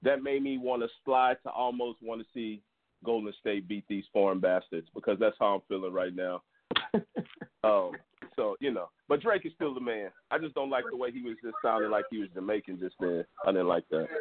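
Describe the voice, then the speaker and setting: Blunt, joking male panelist, low voice, dry, telephone-thin sound. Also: fairly quick. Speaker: podcast panelist. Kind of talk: casual sports chat. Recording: tinny phone-like sound.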